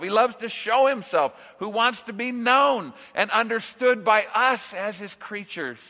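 A man preaching a sermon as pastor, slow and emphatic, with dramatic pauses and rising swells of emphasis. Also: sits high, pushed and bright, long reverb tail.

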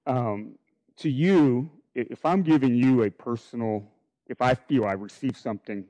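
A man's voice: mid-range voice, normal speed, dark tone, lo-fi sound. A man in a casual religious talk, asking questions and telling a family story in a conversational way.

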